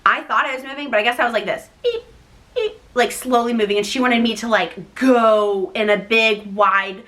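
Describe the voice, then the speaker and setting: A woman's voice: on the high side, fairly even intonation, moderate pace, a bit bright. A young woman vlogger casually telling a personal story to the camera, chatty and talking straight to her viewers. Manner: chatty, addresses viewers as "guys".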